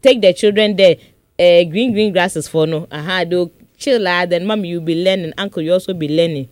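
A woman's voice: lowish voice, darkish tone, dry recording, clean studio sound. Teasing Ghanaian woman radio host. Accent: Ghanaian English. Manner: teasing, jokey, reads numbers and ads briskly. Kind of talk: playful radio chat and sponsor reads. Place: radio studio.

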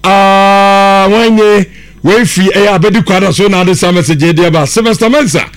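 A man's voice: high-pitched, moderate pace, no echo, soft background music. A man with a Ghanaian accent hosting a sports radio show, reading out listener messages in a casual, chatty way.

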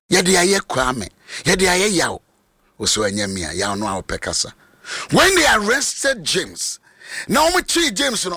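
A Ghanaian man delivers a sermon, mixing Twi and English. His voice is gravelly and a little husky, with a bright, forceful edge. He swings widely in pitch, from low talk up to high shouts, in a dry close recording. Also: wildly swooping pitch, measured pace, no room sound. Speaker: preacher.

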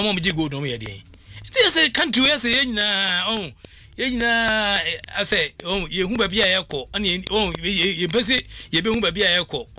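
An animated man with a high, lively voice that swoops up and down. He talks in a heated discussion, repeating words and losing the thread mid-sentence, with a very bright, sharp tone. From Ghana. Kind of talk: heated talk-radio discussion.

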